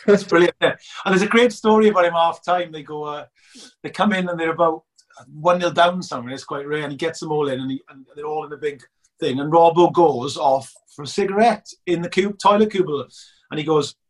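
A man's voice: on the high side, fairly quick, far from the mic. A man, a documentary filmmaker chatting and telling football stories with lots of laughs. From Scotland. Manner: animated storyteller, laughs often. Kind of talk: casual chat.

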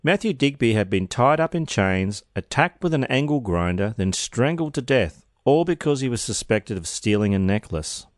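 A true crime podcast host with a medium-pitched, animated voice narrates a case at normal speed with hardly any pauses, his pitch rising and falling a lot. He slips dry, sardonic jokes between grim facts, and the sound is close and dry, with no room around it.

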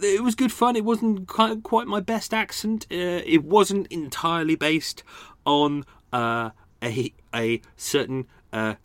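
A man's voice: mid-range voice, no room sound. A man hosting a podcast, chatting casually with rambling, self-deprecating remarks and frequent laughs. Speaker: podcast host. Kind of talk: casual commentary. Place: home by a canal.

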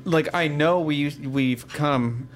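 A man's voice: a little high, slow pace, slight background noise. A man co-hosting a podcast, talking hesitantly with many fillers in casual chat. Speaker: podcast co-host.

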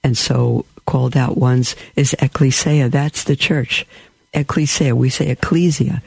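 A man's voice: little pitch movement, unhurried, gravelly, breathy edge, no echo. A man preaching a sermon, explaining words in a teaching way, often repeating key words. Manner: teaching, repeats key words, rises high when quoting. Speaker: Catholic preacher.

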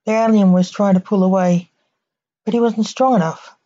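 A woman reading a short story aloud in plain, unhurried storytelling, as a podcast storyteller, on a dull lo-fi recording. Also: medium pitch, steady tone, mellow.

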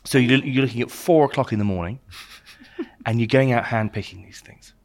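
A man's voice: medium pitch, moderate pace. A man presenting wines in a casual chat, explaining with enthusiasm. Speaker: wine expert presenting wines.

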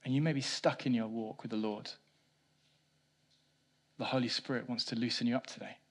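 A man preaching a sermon, swinging between loud emphatic lines and quiet low ones, with a self-mocking touch. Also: fairly quick, slightly rough. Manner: animated preaching, rising loud for emphasis then dropping soft. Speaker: pastor.

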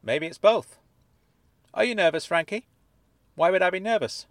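Guy doing a brisk dry-witted lady academic, pitched up a bit, dead dry recording. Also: no echo. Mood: wry.

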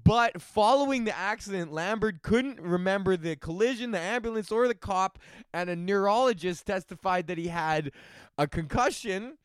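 A man's voice: high-pitched, animated, moderate pace, clear, resonant tone, no echo. A man hosting his own comedy podcast, ranting alone in a loose, profane way and often laughing at his own jokes. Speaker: podcast host. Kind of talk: solo comedic rant.

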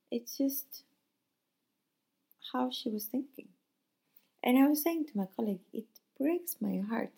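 A woman from northern Europe talks through a personal story on her podcast, earnest and heartfelt. Her voice is low-toned and mellow, with a gravelly fry and a husky edge. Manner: earnest, heartfelt retelling with acted-out quotes. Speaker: podcast host. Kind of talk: casual storytelling monologue.

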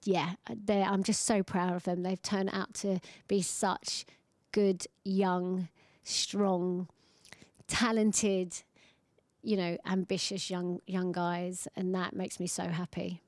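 A woman in her forties, an interview guest, chatting warmly and acting out quoted voices in her stories. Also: lowish voice, flat delivery, slow pace, dry recording. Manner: chatty, warm storytelling, acts out quoted voices. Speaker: guest, singer. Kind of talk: casual interview chat.

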